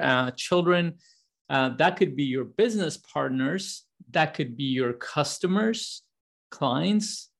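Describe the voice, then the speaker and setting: A man's voice: medium pitch, creaky. A man in his thirties hosting a podcast, talking in a casual, rambling way with frequent restarts. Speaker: podcast host.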